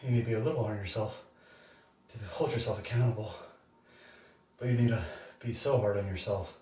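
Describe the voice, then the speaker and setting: A man's voice: on the low side, a little fast, warm tone, echoey room, distant mic, a little hiss or hum. A man vlogging his workout, out of breath and chatting between sets. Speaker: fitness vlogger. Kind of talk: casual workout talk to camera.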